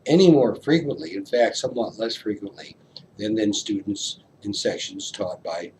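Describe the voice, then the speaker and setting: A man's voice: on the low side, normal speed, darkish tone, a little hiss or hum, low-quality recording. A man being interviewed as a researcher, explaining findings carefully with some restarts.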